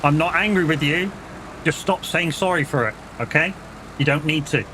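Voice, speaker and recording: A man's voice: a little high, moderate pace, bright, forceful tone, a little hiss or hum. A man with an English accent, a live streamer chatting casually and swearing while he plays a game and jokes with his chat. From England.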